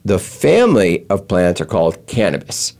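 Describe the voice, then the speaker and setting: A man's voice: sits low, huge pitch swings, normal speed, gravelly, a little mellow. A man hosting a talk show, explaining step by step with many fillers and restarts. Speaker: show host. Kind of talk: explanatory chat.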